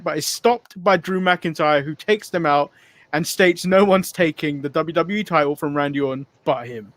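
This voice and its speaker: A man's voice: high voice, a bit bright, no room sound. A man co-hosting a casual wrestling recap, giggling as he runs through events in long run-on sentences. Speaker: co-host.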